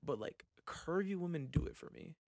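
A man's voice: a little high, expressive, moderate pace, gravelly, a little mellow, no echo. A man hosting a casual podcast chat, rambling and swearing, with lots of fillers and trailing off, on a close mic. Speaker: podcast host.

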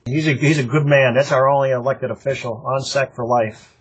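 With a brisk, slightly rough mid-range voice and fairly even intonation, an older man who has long belonged to a running club shares anecdotes in a casual interview. His stories of the club days ramble, run profane, and come with frequent laughter.

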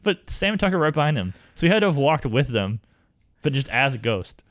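A man's voice: mid-range voice, sing-song, brisk, fairly bright tone, dry recording, clean studio sound. A man co-hosting a casual podcast, chatting and laughing as he recaps an episode and quotes the characters. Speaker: podcast co-host.

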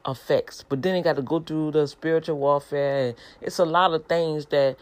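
A middle-aged woman, preaching in a casual, animated way and calling her listeners y'all. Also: low voice, moderate pace. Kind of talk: informal preaching broadcast.

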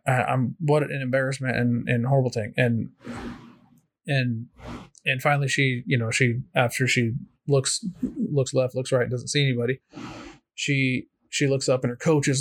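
A man at an ordinary mid pitch telling a motivational story, stopping and restarting often and filling the gaps. His voice sounds close and dry, with no room sound around it. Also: steady tone, no room sound. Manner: halting, many fillers and restarts.

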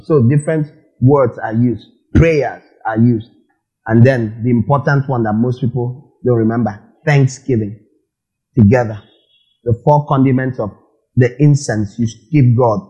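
A man's voice: mid-range voice, dark tone, poor audio. A man preaching a sermon as a pastor, asking the congregation questions and acting out quotes.

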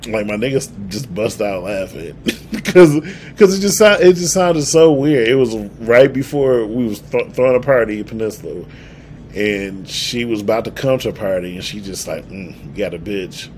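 A man's voice: medium pitch, lively intonation, normal speed, darkish tone, slight background noise. A young man co-hosting a podcast, telling stories in a laid-back way with frequent laughs and restarts. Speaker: podcast co-host. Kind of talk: casual chat.

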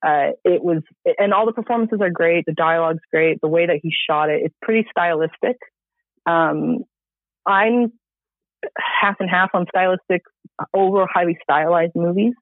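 A man's voice: high-pitched, normal speed, dry recording. A man reviewing a film in casual podcast chat, enthusiastic and rambling with many fillers. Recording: tinny phone-like line.

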